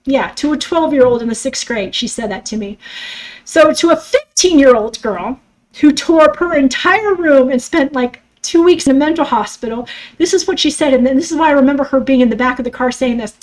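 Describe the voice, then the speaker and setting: Candid, profane high-voiced woman storyteller. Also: brisk, poor audio. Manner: candid and profane, trails off and restarts, swings from hushed to loud outbursts. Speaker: podcast host. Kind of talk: personal storytelling monologue.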